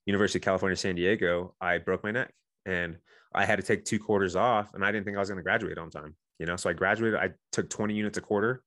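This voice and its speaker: Quick-talking deep-voiced man, earnest. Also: fairly even intonation, fairly bright tone, no echo, clean studio sound. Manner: earnest, emotional, many restarts and "you know"s. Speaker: guest. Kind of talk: candid personal storytelling.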